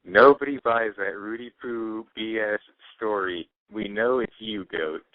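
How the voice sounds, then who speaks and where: A man calling into a radio show, making flat, needling accusations at the host. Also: lowish voice, unhurried, dry recording. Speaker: caller. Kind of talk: call-in accusation. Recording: dry tinny phone line.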